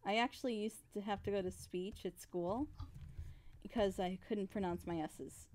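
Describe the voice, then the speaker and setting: A woman's voice: mid-range voice, moderate pace, a little mellow, slight background noise. A young woman voice actor chatting casually on a drawing stream. She laughs often and acts out what people said.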